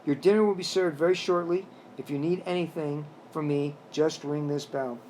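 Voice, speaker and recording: A stately storybook frog butler, put on by a male narrator, speaking with a stiff English accent in a firm yet caring way. His voice sits a touch high. A faint hiss runs under the recording. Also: steady tone, moderate pace, dark tone, natural voice. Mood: formal.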